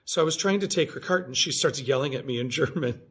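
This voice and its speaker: A man's voice: a little high, fast. Rambling man in his fifties. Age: 50s. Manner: rambling, self-correcting, animated when quoting himself. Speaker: vlogger. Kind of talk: casual storytelling vlog.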